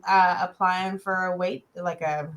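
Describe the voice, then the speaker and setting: A woman's voice: lowish voice, fairly even intonation, measured pace, over a noisy crowd, low-quality recording. Chatty woman ghost hunter, laughing often. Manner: laughs often, self-deprecating. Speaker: paranormal investigator. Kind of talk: casual group chat.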